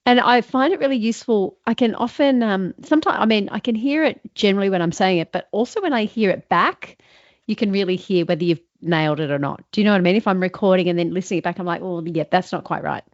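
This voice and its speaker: A woman's voice: medium pitch, lively intonation, fast talker. A woman host and voiceover artist chatting casually and reflectively about practising an accent. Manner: chatty, reflective, lots of fillers and restarts. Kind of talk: casual chat. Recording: slightly dull lo-fi recording.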